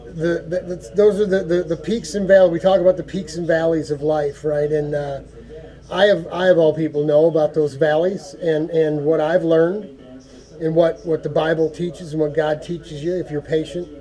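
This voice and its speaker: A man giving an earnest, folksy prayer talk to camera, halting and repeating words as he goes. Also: a little high, little pitch movement, dark tone. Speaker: go-kart hobby vlogger.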